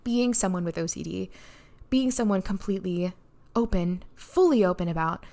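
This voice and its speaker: A woman hosting her own podcast, telling a story casually and excitedly, with plenty of "like"s and a heartfelt, emotional edge. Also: lowish voice, normal speed, gravelly. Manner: excited, breathless storytelling with frequent "like" and laughs. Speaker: podcast host and neuroscientist. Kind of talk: casual solo podcast recap.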